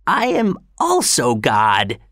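A man voicing a dying old father with a weak, breathy voice, in an audiobook story. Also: medium pitch, huge pitch swings, takes it slowly, fairly bright tone, dry recording, clean studio sound, voice pushed up, full character voice. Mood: urgent, weak.

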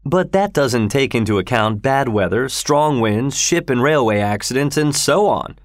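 A man voicing an excitable Victorian gentleman who throws out loud, challenging wagers. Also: mid-range voice, normal speed, no room sound, studio quality, pitched above the performer's own voice, lightly acted. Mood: doubtful.

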